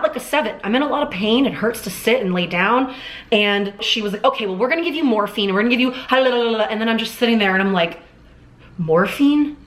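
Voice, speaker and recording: A woman's voice: medium pitch, a bit bright. A young woman in her twenties recounting a personal ordeal straight to camera. She rambles in a casual, filler-heavy way, doubling back and restarting her sentences as she goes. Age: 20s. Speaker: vlogger. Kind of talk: emotional storytelling to camera. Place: Los Angeles.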